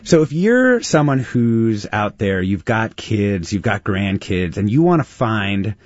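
An animated man hosting a radio call-in show, his pitch jumping all over as he chats and laughs. The studio sound is dry and a little dull. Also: measured pace, no echo. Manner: animated, laughs easily, trails off mid-sentence. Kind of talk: casual radio chat.

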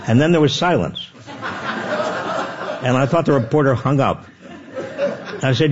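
An older man telling anecdotes as a guest author, with animated and self-deprecating restarts. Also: mid-range voice, moderate pace, pauses often, lo-fi sound, noisy background. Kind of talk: conversational storytelling.

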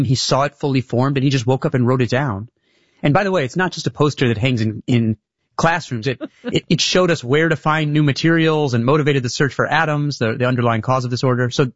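A man's voice: medium pitch, dry recording, muffled recording. A man being interviewed as an author, explaining ideas in a thoughtful, conversational way. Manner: explanatory, thoughtful, with occasional laughs. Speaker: author guest.

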